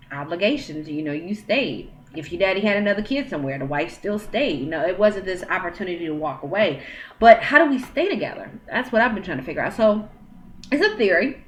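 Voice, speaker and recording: A woman in her thirties giving dating advice straight to camera at home, in a frank, chatty way. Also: mid-range voice. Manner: frank and chatty, with quoted dialogue and questions. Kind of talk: casual advice monologue. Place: at home, with her child nearby.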